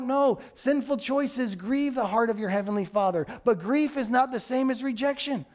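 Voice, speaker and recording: A man's voice: very high voice, normal speed, hardly any pauses. A male pastor preaching a sermon in a conversational way, repeating phrases for emphasis.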